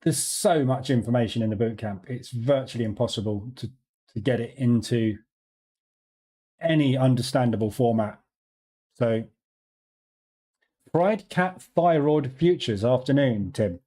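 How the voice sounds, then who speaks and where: Hosting a live trading stream on a studio microphone, a man chats casually with viewers, greets them by name, and laughs easily. He speaks a little slowly at medium pitch, with a dark tone and frequent pauses.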